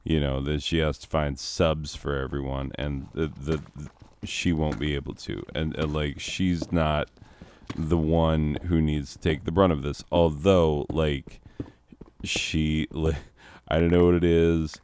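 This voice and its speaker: A man with an extremely deep, clean, resonant voice talks loosely while playing a game. He rambles with plenty of fillers and a dry, sarcastic edge. He speaks as a teacher letting off steam in casual chat. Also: little pitch movement, unhurried, darkish tone, smooth.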